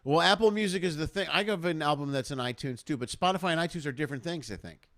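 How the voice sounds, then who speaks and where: A man's voice: on the high side, fast talker, fairly bright tone, no echo, clean studio sound. A man from South Side Chicago hosting a live comedy talk stream, chatting casually, joking and laughing often. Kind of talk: casual chat.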